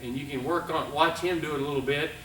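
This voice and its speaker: A man's voice: fairly high pitch, steady tone, fast talker, slight background noise. Man calling out kick drills. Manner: calls out commands loudly and coaches with frequent "all right?" and "okay?". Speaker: martial arts instructor. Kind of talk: teaching a kicking class on video.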